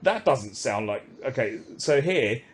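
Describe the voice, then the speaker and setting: Animated man retelling a plot. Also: medium pitch, unhurried. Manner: animated, acts out characters' lines while retelling. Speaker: podcast co-host. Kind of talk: casual chat recapping an episode.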